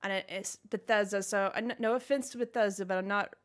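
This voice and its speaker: A woman's voice: medium pitch, steady tone, brisk. A woman co-hosting a gaming podcast in casual chat, rambling and jokey as she drifts into tangents. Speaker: podcast co-host.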